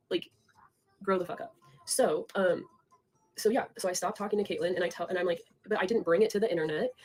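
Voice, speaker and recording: A woman's voice: lowish voice, slight background noise. A young woman in a heated, profane, rambling rant, addressing her viewers directly and confronting people. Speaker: online creator talking to viewers.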